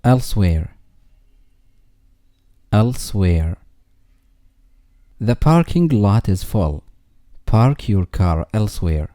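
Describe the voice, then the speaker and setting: Guy reading english vocab really slow, each word twice then a sentence, very dark mellow voice. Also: fairly low pitch, expressive, dry recording, clean studio sound.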